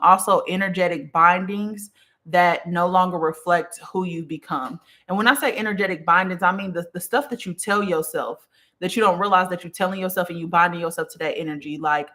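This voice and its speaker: Brief: relaxed woman live-stream host, low-pitched, affirming and chatty, reads comments aloud. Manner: affirming, repeats "okay" and "period", relaxed and chatty; yawns and sighs now and then. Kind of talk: casual live-stream chat reading viewer comments.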